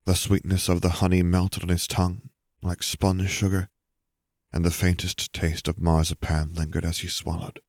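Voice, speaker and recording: Low-voiced man narrating a story. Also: monotone, moderate pace, a little mellow, dry recording, studio quality. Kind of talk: audiobook reading of fan fiction.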